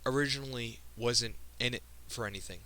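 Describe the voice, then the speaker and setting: Bright-voiced young man, emotional and halting. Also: medium pitch, poor audio. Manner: earnest, halting, frequent restarts. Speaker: video creator. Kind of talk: personal vlog monologue.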